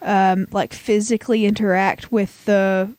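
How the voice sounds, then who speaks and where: A woman with a Southern American accent chats easily as a podcast co-host, rambling through stories and laughing often. Her voice sits at an everyday pitch and is recorded close and dry. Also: little pitch movement, a little slow, darkish tone, no echo. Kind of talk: casual chat.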